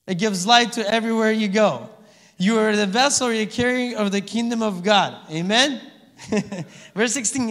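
High-voiced man preaching in a reverberant hall. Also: normal speed, a bit bright. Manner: conversational preaching with frequent "amen?" and "okay?" checks. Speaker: pastor. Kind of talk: sermon.

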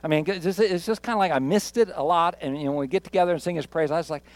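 A male pastor delivers his sermon in an easygoing, joking way, doubling back on words for emphasis. His voice sits notably high. The sound is dry and close, with little room around it. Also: rapid-fire, dry recording. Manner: conversational, jokey, emphatic with repeats.

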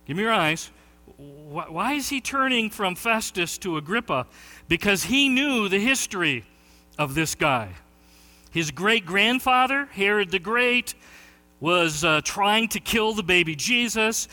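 Pastor, male, high bright voice, lively storyteller, echoing sanctuary. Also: a little slow. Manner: animated storytelling, shouting quoted lines. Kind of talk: sermon.

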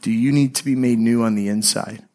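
A man speaking as a pastor preaches a sermon conversationally in a mid-range voice with fairly even intonation, slowing and softening on key phrases.

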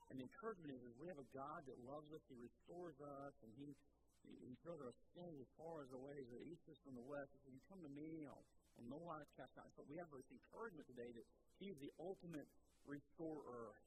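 Man preaching a conversational sermon, noisy recording. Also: quick pace. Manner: conversational preaching, swells louder and higher when stirred; repeats key phrases for emphasis. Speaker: pastor.

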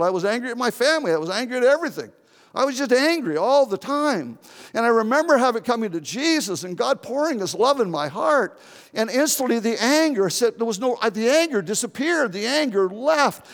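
A man's voice: extremely high pitch, in a large hall. A man in his seventies preaching a sermon as pastor, earnest and often repeating and restarting his words. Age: 70s. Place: church.

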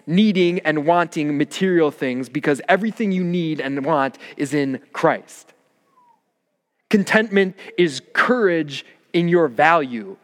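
Man preaching in a reverberant church. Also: on the high side. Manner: earnest preaching, rising with emphasis. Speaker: pastor. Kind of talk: sermon.

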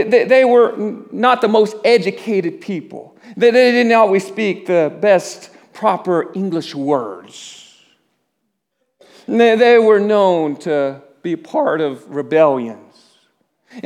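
A man preaching a sermon in a church, often restarting his words and dropping to a hush at the solemn parts. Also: sits high, lively intonation. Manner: halting restarts, drops to a hush at solemn moments. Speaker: pastor.

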